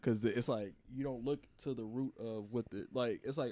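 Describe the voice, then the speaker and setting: A man's voice: quick pace, dark tone, no room sound. Frank, earnest man in podcast chat. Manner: frank and earnest, mostly low-key. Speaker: guest co-host. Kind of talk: casual chat.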